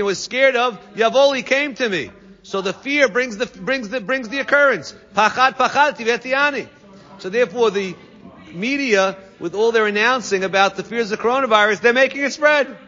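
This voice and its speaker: A man teaching a Talmud class, reading Aramaic phrases and translating each one with quick asides. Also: extremely high pitch, bright, forceful tone. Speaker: Torah teacher. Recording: dull sound with long reverb.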